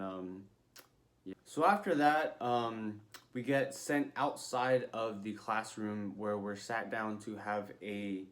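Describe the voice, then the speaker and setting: A young man telling a story in a casual vlog, chatty and full of fillers, acting out what people said. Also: lowish voice. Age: young adult. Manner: chatty, many fillers, acts out quotes. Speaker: vlogger.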